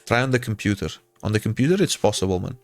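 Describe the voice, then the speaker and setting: A man's voice: on the low side, lively intonation, quick pace, soft background music. A man with a Portuguese accent, a native Portuguese speaker, chatting casually with viewers as a game streamer, repeating himself and calling people brother.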